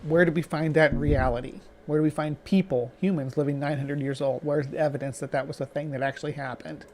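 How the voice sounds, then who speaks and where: A man reacting to a video in casual commentary, his voice sitting a little high. He questions every claim, halting and restarting often. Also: steady tone, darkish tone, a little hiss or hum. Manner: skeptical, halting with many restarts.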